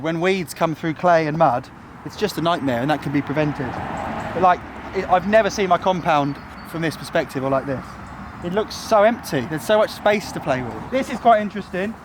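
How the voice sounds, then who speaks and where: Out of breath but chatty and enthusiastic, a young man with a voice on the high side gives a casual vlog walkthrough outdoors at a building site. A slight hiss or hum sits under the audio.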